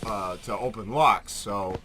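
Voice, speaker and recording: A man's voice: fairly low pitch, slow pace, very noisy. Rambling, profane man doing game commentary. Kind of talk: Let's Play commentary.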